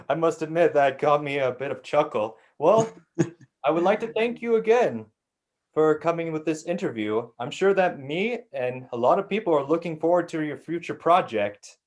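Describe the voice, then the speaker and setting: Guy doing a stiff polite news interviewer, slightly high voice. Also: animated, normal speed, lightly acted. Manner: stiff, formal phrasing. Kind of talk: improv comedy.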